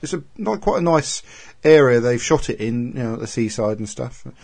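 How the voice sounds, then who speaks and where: A man's voice: mid-range voice, expressive, fairly quick, gravelly, darkish tone. A man hosting a casual podcast chat, talking in a rambling, hesitant way. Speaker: podcast host.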